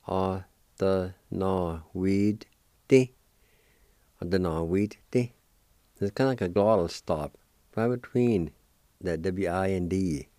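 A man with a very low, dark voice teaches vocabulary at an unhurried pace. He spells each word, then repeats it several times with patient encouragement. The sound is dry and close. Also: no room sound. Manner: slow, patient, spells words out and repeats them. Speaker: language teacher and radio host. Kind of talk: radio language lesson.

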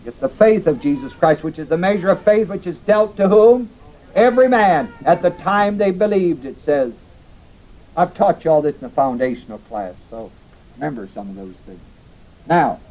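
A man, his voice a little high and animated, teaches a Bible class at a moderate pace. He reads passages of scripture aloud and follows up by questioning the class, all preserved on a tinny old tape recording.

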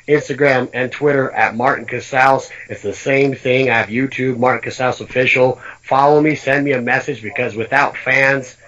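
A man's voice: mid-range voice, fairly even intonation, normal speed, few pauses, fairly bright tone. A man appearing as a guest on a podcast, talking in a friendly way with frequent hesitant fillers. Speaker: guest wrestler. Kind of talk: casual interview. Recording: dull lo-fi line.

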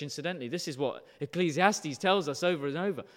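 A man preaching an animated, emphatic sermon, often putting questions to his listeners. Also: fairly high pitch, brisk, hardly any pauses, long reverb tail. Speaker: pastor.

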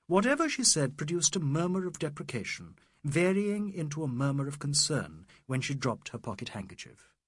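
A man reads a novel aloud in a measured, literary way. His husky voice swings widely in pitch across each sentence, and the recording is dry and close with no room sound. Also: a bit bright, dry recording. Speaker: audiobook narrator. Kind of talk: scripted narration.

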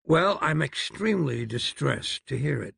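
A man's voice: on the high side, animated, a little slow, creaky, a bit bright, husky, no room sound, clean studio sound, heavily acted. A man voicing a fussy, courteous elderly doctor in a storybook reading. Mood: prim. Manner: prim, courteous, flustered.

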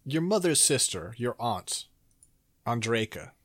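A man's voice: medium pitch, measured pace, background noise. A man co-hosting a podcast, telling rambling stories in a casual chat with lots of fillers. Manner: rambling, animated storytelling with many fillers. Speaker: podcast co-host.

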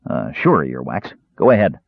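A man voicing Caramon, a big, blunt young male warrior who talks in a gruff, plain-spoken way, in a dull lo-fi storybook reading. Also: extremely low pitch, big pitch swings, moderate pace, no echo, pitched below the performer's own voice, full character voice. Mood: easygoing. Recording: dull lo-fi recording.

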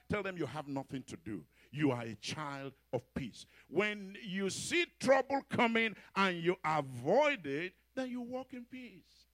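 A man's voice: high-pitched, no echo, clean studio sound. A male preacher giving a sermon, telling stories and acting out the characters with frequent laughter. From Africa. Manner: animated storytelling, acts out characters, laughs often.

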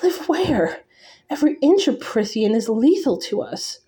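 A woman reading aloud, voicing a frightened, defiant young woman who speaks in a trembling hush. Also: deep voice, flat delivery, moderate pace, natural voice. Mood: alarmed. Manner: trembling whisper.

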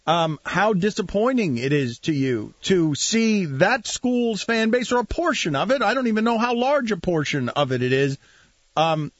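A man's voice: high-pitched, no echo, lo-fi sound. A man hosting a sports talk radio show, who teases his guests with a sarcastic edge. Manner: sarcastic, teasing. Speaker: host.

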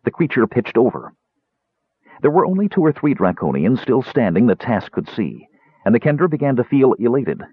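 A man reading a fantasy novel aloud in an expressive, dramatic narration. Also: mid-range voice, moderate pace, husky, dry recording. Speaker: audiobook narrator. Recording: tinny narrow-band dry recording.

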